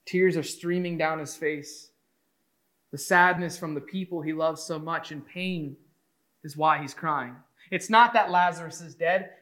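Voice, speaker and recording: A man retelling a Bible story in an emotive, conversational way, moving from hushed to excited. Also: a little high, low-quality recording.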